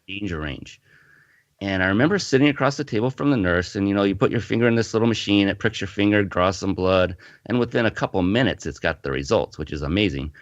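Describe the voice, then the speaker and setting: With a voice on the low side and a quick pace, a man, a fitness company founder, tells a personal story as a podcast guest in a casual interview. He is an animated storyteller who restarts frequently. The sound is muffled, lo-fi, and dry, with no room sound.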